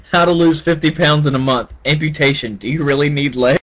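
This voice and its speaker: A man's voice: fairly high pitch, moderate pace, fairly bright tone. Joking man on a voice chat. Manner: joking, laughs often while reading. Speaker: voice chat regular reading posts aloud. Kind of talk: casual voice chat among friends.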